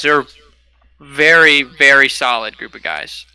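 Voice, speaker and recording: Bright, animated young man telling stories. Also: medium pitch, moderate pace, clean tone. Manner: animated storyteller, laughs often. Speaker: podcast co-host. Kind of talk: casual chat.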